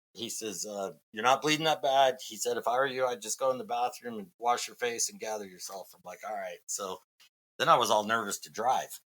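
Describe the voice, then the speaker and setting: A man's voice: medium pitch, sharp tone. A middle-aged man from Massachusetts, a podcast guest, telling a long story in a rambling way with many fillers and restarts. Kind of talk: casual storytelling.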